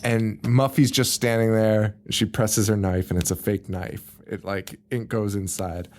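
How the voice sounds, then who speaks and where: A man's voice: on the low side, measured pace. A man co-hosting a podcast, telling a movie plot in casual chat, acting out the characters' screams and lines with swearing and laughter. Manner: animated storyteller who acts out characters with screams and laughs; swears freely. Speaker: podcast co-host.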